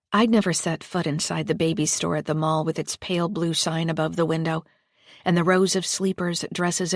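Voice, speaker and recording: A woman with a lowish voice reads a first-person thriller audiobook in a measured, deliberate way. The recording is dry and close, with no room sound. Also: no room sound. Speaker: audiobook narrator. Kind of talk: scripted narration.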